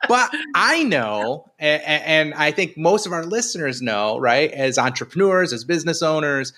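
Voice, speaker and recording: A man's voice: on the high side, lively intonation, moderate pace, pushed and bright. A man hosting a podcast interview, asking friendly questions with many restarts. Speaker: podcast host. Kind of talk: casual interview.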